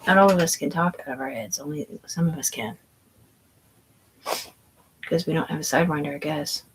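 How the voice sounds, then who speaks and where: A woman's voice: low-pitched, moderate pace, a little hiss or hum, rough recording. A woman telling a rambling story in casual chat, profane and meandering, full of fillers and restarts. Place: indoors at home.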